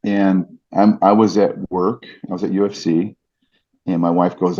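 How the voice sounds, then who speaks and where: This middle-aged podcast guest, a fight announcer, speaks in a deep, slightly mellow voice with little pitch movement and a slightly slow pace. He tells stories earnestly and reflectively in a casual interview, with many restarts, over dull lo-fi podcast audio.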